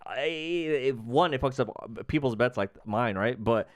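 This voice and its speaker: A man on a casual podcast, his voice smooth and resonant at a middle pitch. He tells stories in an animated rush, full of filler words and the odd swear, recorded close and dry with no room sound. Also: measured pace, dry recording. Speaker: podcast co-host.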